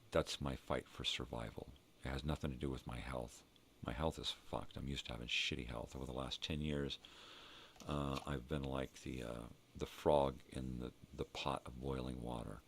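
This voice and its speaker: An older man hosting a rambling morning vlog, talking to himself and cursing freely as he thinks out loud. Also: extremely low pitch, fairly even intonation, normal speed, creaky, a little hiss or hum. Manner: rambling, profane, talks to himself. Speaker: vlog host.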